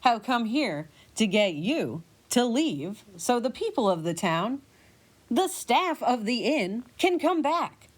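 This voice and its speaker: A woman's voice: a little high, very animated, slow, voice pushed up, exaggerated voice. A woman voicing a young adventurer who speaks politely and formally. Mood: earnest.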